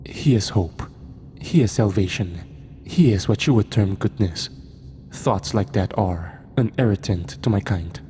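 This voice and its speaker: A man voicing a cold, calm demon that speaks through a possessed girl, menacing and intelligent, in a horror story reading. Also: lowish voice, measured pace, slight background noise, lightly acted. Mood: cold menace.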